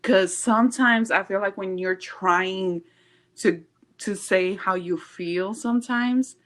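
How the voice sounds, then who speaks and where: A woman co-hosting a podcast in casual chat, animated and laughing often, slipping in Spanish phrases. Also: mid-range voice, takes it slowly. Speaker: podcast co-host.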